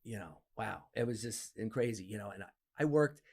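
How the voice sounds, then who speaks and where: A man in his fifties from New Jersey, a podcast guest telling stories from his life in a casual, animated way. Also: a little fast, vocal fry, slightly rough. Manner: animated, acts out quoted voices with big pitch jumps. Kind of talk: casual storytelling interview.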